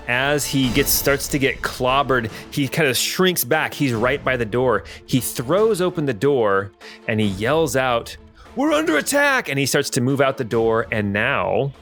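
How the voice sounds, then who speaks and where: A man narrates a tabletop game as its game master. His voice sits at an ordinary pitch, and he thinks aloud, often stopping for an um or a restart. Faint music plays softly behind him.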